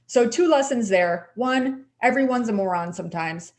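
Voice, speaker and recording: A woman co-host chats on a podcast with lively, encouraging energy. She speaks casually and often fills her sentences with "like". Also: on the high side, moderate pace. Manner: animated, encouraging, says "like" often. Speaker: podcast co-host, dental hygienist. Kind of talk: casual chat.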